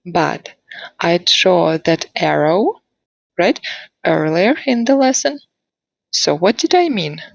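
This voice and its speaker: Woman, English teacher, online grammar lesson, very slow, slightly low voice, dry close sound. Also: expressive, gravelly, no echo. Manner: slow, deliberate modelling of sentences for repetition. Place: online class.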